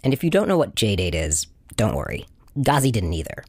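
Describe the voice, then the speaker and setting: Husky narrator with lively swings. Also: male voice, lowish voice, a little fast, no room sound. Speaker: podcast host narrator. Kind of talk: scripted radio narration.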